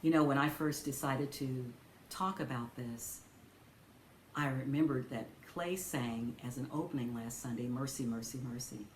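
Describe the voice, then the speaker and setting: An older woman minister giving a sermon, telling stories in a gentle, folksy way. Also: a bass voice, a little slow, slight background noise. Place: church. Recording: echoey room with faint ambience.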